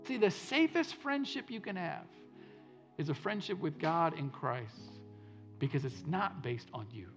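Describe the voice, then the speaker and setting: A man's voice: a little high, lively intonation, a little slow, over music. Earnest male pastor preaching a sermon. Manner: earnest, repeats phrases for emphasis; storytelling delivery that swings between loud and hushed.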